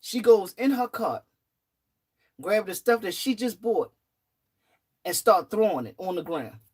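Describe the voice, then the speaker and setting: A young adult vlogger casually telling a story from work, animated and repeating phrases for emphasis. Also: mid-range voice, a little slow, breathy edge. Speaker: vlogger and retail worker.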